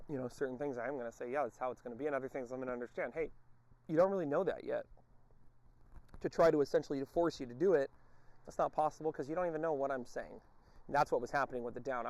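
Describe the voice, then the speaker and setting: A man's voice: mid-range voice, a little mellow. A man working as a dog trainer, explaining his methods to viewers while giving a dog short, firm commands during a training session outdoors. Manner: addresses viewers directly as folks.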